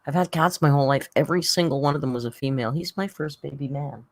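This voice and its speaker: A woman's voice: low voice, fast talker, rough recording. A woman hosting a casual live stream, chatting to viewers and cooing at her cat. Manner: chatty, coos baby talk to her cat.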